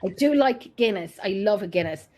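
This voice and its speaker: A woman's voice: medium pitch, expressive, brisk, warm tone, rough recording. A woman hosting a live paranormal talk show, chatty and teasing, laughing often. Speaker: host.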